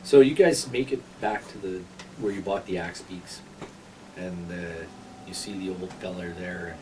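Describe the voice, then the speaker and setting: A man with a fairly low voice running a tabletop game, now and then slipping into character voices for the townsfolk. He sits some way from the mic, with a steady background hiss behind him. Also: unhurried. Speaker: game master. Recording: distant mic with clear background noise.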